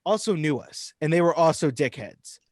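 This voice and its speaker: A man's voice: fairly high pitch, moderate pace, no echo. Young man telling a story, dry sound. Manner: animated, acts out voices in anecdotes. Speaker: podcast co-host. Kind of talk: casual storytelling.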